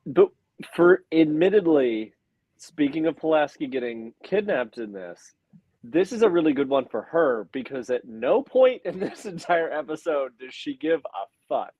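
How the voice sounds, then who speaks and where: A man's voice: a little high, big pitch swings, moderate pace, darkish tone, dull audio. A man co-hosting a podcast, laid-back and irreverent. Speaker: podcast co-host. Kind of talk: casual podcast chat.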